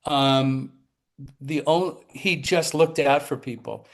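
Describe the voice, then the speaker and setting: A man in his seventies, a talk show guest telling lively anecdotes, acting out the people in his stories as he goes, with some quick bursts and restarts. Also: medium pitch, gravelly. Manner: animated storyteller who acts out the people in his tales. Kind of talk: anecdotal storytelling.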